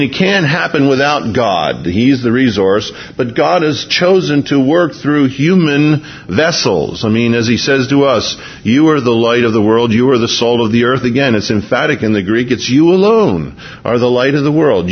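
Husky-voiced man preaching conversationally. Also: mid-range voice, highs cut off. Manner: conversational, with restarts and chuckles. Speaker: pastor. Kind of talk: expository sermon.

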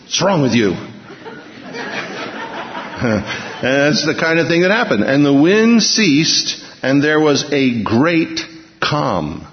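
A man preaching a sermon in a storytelling way, acting out the lines of the people in the story and changing his pace and loudness. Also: a little high, very animated, slow pace, long pauses, a little hiss or hum. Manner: storytelling, acts out quotes with shifting pace and volume. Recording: dull, muffled sound in a long-reverb hall.

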